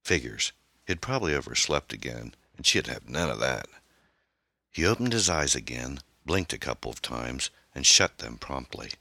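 A man with an extremely deep voice reads his own novel as an audiobook. His delivery is unhurried and measured, with lots of rise and fall in the pitch. The tone is bright and the sound is close and dry. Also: very animated, creaky, no room sound. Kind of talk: scripted audiobook narration.

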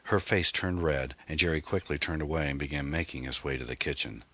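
Deep, husky male audiobook narrator. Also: brisk, pushed and bright, no room sound. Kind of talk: scripted narration of a mystery novel.

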